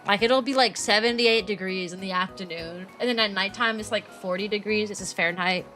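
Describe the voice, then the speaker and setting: A woman's voice: mid-range voice, brisk, bright, forceful tone, soft background music. A young woman, chatting casually on a stream in a bubbly, rambling, playful way.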